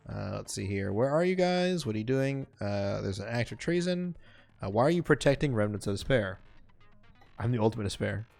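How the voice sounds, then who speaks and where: A man's voice: mid-range voice, animated, brisk, gravelly, darkish tone, soft background music. A man streaming a game live, reading the game's text aloud and chatting casually between lines with lots of fillers. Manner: casual, rambling, many fillers.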